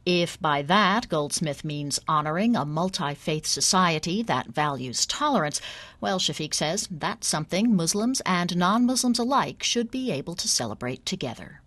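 A woman reporter reading a scripted radio news report in a measured, crisp way. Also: on the low side, animated, a bit bright, no echo.

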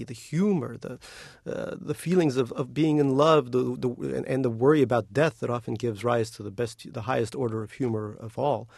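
Novelist guest, male, gravelly and lively, joking, dry close sound. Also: mid-range voice, no echo. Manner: animated and joking, quick to laugh. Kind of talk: casual interview chat.

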